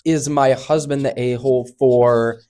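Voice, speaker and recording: A man's voice: medium pitch, steady tone, a little slow, a crowd in the background. A young man co-hosting a podcast, chatting casually in a rambling way full of fillers. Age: young adult. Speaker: podcast co-host. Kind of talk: casual chat.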